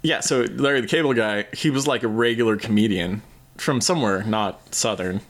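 A man's voice: lowish voice, normal speed. A man co-hosting a casual comedy podcast, riffing on jokes and laughing as he talks. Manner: joking, riffing, often laughing mid-sentence. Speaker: podcast co-host.

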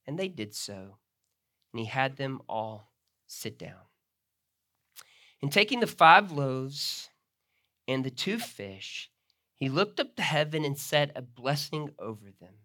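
A man's voice: mid-range voice, bright, forceful tone. A man preaching a sermon, expounding a passage and acting out the disciples' words. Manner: expository preaching with dramatic retellings of the text. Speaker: pastor.

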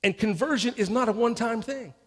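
A man's voice: very high-pitched, brisk, fairly bright tone, long reverb tail. A man pastor preaching a sermon in a conversational way, often restarting and acting out people's inner voices.

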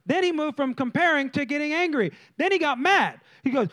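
A pastor preaches a sermon in church, telling stories with lively energy and addressing his congregation directly. His voice is very high, and he speaks briskly with few pauses.

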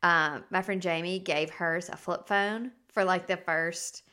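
A woman co-hosting a casual chat who talks in a relaxed, agreeable way and often backs up her partner. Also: on the low side, measured pace. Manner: relaxed, agreeable, many yeahs and mm-hmms. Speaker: podcast co-host.

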